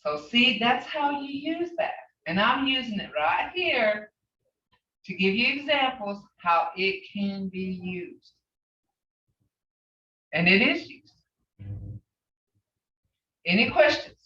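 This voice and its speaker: Woman language teacher, slow and patient, repeats words, heard distant over a computer mic. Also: on the high side, lively intonation, sharp tone. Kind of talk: online language class. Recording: roomy, distant, dull lo-fi sound.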